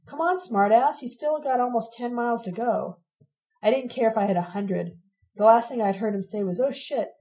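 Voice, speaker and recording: Woman reading a memoir in a mellow voice. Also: mid-range voice, rough recording. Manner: steady, reflective storytelling. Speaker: audiobook narrator. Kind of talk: first-person memoir reading.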